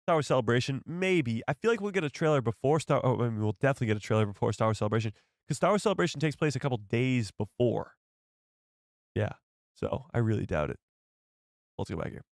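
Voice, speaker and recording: A man's voice: medium pitch, lively intonation, fast, dry recording. Chatty male live-stream host, dry sound. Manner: chatty, laughs often, addresses chat. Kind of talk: casual live-stream chat.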